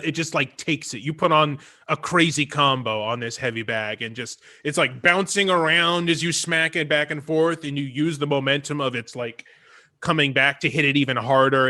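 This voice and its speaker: A man running a tabletop role-playing game as game master, narrating combat with lively enthusiasm. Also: mid-range voice.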